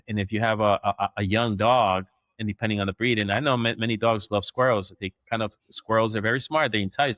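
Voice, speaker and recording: A man, a dog trainer, telling stories in a rambling, animated way with many restarts and acted-out quotes. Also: lowish voice, no echo, studio quality. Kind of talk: casual storytelling.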